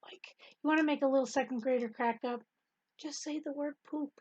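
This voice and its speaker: A woman's voice: high-pitched, fairly even intonation, a little fast, a little mellow, lo-fi sound. A middle-aged woman telling a rambling testimony in casual talk, with many ums and frequent laughter. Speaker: Bible study host and teacher.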